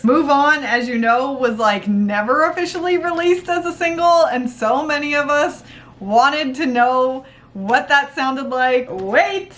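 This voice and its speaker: A young woman filming an unboxing vlog, gushing and squealing with excitement, rambling with fillers. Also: sits high, unhurried. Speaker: vlogger.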